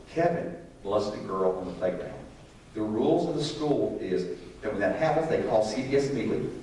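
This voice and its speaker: A man's voice: mid-range voice, darkish tone. An older man leads a church class for parents, talking in a conversational way and often putting questions to the room. His voice comes from some distance away and rings in a very echoey room. A faint hum of room noise sits behind him. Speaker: Sunday school teacher.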